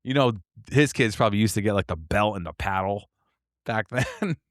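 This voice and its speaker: A man's voice: lowish voice, normal speed, dry recording, studio quality. A man co-hosting a casual podcast, telling delivery stories with lots of laughter and swearing. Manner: animated storyteller, acts out quotes, swears, laughs often. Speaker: podcast co-host, delivery driver.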